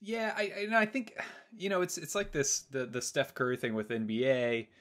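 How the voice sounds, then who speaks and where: Relaxed man co-hosting a podcast. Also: mid-range voice, normal speed. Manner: relaxed, hesitant with fillers. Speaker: podcast co-host. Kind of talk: casual chat.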